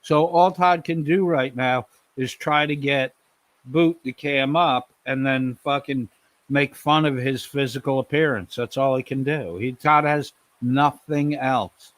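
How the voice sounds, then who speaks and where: A man's voice: medium pitch, a bit bright, dry recording. A man hosting a live stream, scolding someone in a heated, profane rant and repeating his name.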